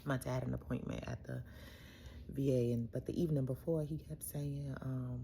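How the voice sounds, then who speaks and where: A woman speaks into her phone camera with a low, gravelly voice, chatty and animated as she retells a story, sometimes sinking into soft asides. Her tone is dark and mellow, with faint background hiss. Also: moderate pace. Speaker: family caregiver.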